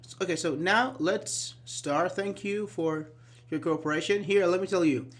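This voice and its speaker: A man's voice: high voice, normal speed, fairly bright tone. A man teaching an online English grammar class, explaining patiently, repeating key words and asking students questions, with many fillers like "actually".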